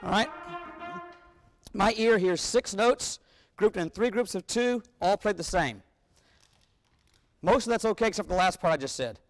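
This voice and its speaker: With soft music in the background, a man whose voice sits high speaks at a moderate pace and pauses often. He leads a wind band rehearsal in a large hall with long reverb, energetically coaching and singing rhythms on syllables.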